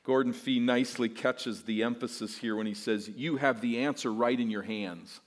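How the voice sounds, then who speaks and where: A pastor preaching an expository sermon, emphatic and voicing imagined objections. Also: male voice, medium pitch, moderate pace. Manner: emphatic, voices mock objections.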